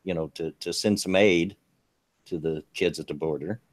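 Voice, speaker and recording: Man, co-host, casual chat, low voice, plain-spoken, dry sound. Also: fairly even intonation, normal speed, dry recording.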